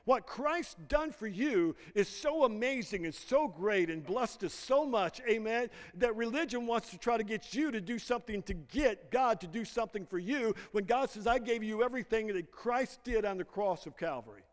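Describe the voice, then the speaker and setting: High-voiced man preaching in echoing hall. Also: animated, moderate pace, few pauses. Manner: call-and-response, prompting the congregation to finish lines. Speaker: pastor. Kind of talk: sermon. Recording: long reverb of a large hall.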